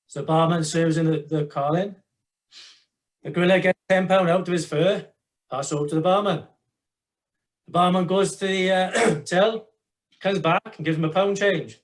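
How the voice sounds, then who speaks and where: A man's voice: on the high side, fairly even intonation, moderate pace, pauses often. A man telling a joke on a podcast, upbeat and playful. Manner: upbeat, tells jokes with put-on voices. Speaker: podcast guest.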